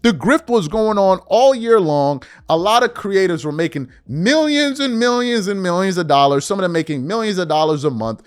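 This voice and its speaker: A man's voice: high-pitched, animated, moderate pace, few pauses, clear, resonant tone, dry recording, studio quality. A middle-aged man hosting a political commentary monologue, incredulous and full of rhetorical questions.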